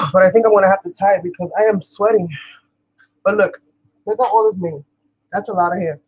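A woman's voice: medium pitch, steady tone, a little fast, darkish tone, breathy edge, dull audio. Chatty New woman crafting vlogger. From New York. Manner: chatty, laughs often, talks to viewers as "you guys". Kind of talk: casual chat while crafting.

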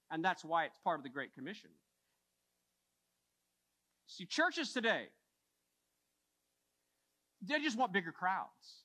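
A man preaching a sermon as pastor, moving from hushed lines to emphatic ones and repeating phrases for emphasis. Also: high-pitched, big pitch swings, slow pace, long pauses.

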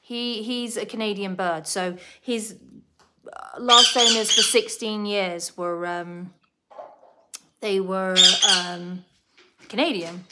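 A British pet bird owner and channel host speaks slowly in a mid-range voice, chatting casually with her live viewers and reprimanding her bird between remarks. Heavy background noise and the parrot's loud squawks and clicks run through the recording.

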